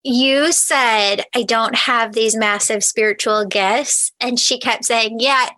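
A woman's voice: on the high side, steady tone, slow pace, bright, forceful tone, rough recording. A woman host and intuition coach talking in an encouraging, enthusiastic way. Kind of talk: casual chat.

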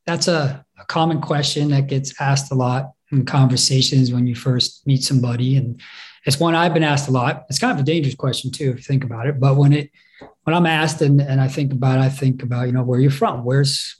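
A man telling a personal story on stage in a reflective, halting way, often restarting his sentences. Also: mid-range voice, darkish tone. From England.

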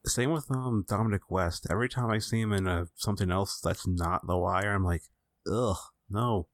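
A man hosting a podcast in casual chat, laid-back and halting, with plenty of fillers. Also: sits low, steady tone, dry recording, clean studio sound. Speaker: podcast host.

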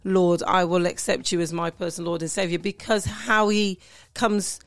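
A woman's voice: on the low side, fairly even intonation, normal speed, no room sound. A woman hosting a faith talk show, interviewing a guest in an emotive, encouraging way. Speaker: show host.

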